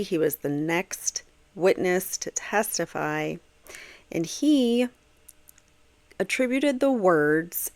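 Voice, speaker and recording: Woman host, lower voice, casual crime-show commentary with lots of ums, dry close mic. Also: dry recording. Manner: conversational, thinks aloud with many fillers. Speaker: true crime podcast host. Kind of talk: casual commentary on court testimony. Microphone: home computer setup.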